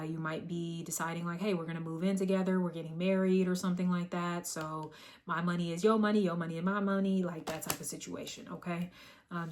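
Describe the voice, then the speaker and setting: A hoarse woman doing a casual tarot reading, blunt and profane with a teasing tough-love manner. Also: on the low side, slight background noise. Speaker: tarot reader.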